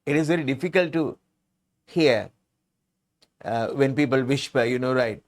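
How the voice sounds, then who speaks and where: A man's voice: medium pitch, moderate pace. A man teaching English, reading a story aloud and patiently explaining words, often repeating and restarting.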